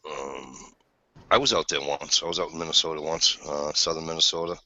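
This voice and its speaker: A man's voice: very deep voice, fairly even intonation, a little fast, pushed and bright. A man hosting a casual online chat, joking and teasing the others. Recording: dull lo-fi online call audio.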